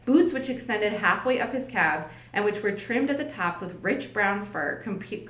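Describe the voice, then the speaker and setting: A woman from the library staff reading a classic detective story aloud, in an unhurried storybook style with light character voices and chatty asides. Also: mid-range voice, a bit bright, slight background noise. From United States. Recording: roomy echo.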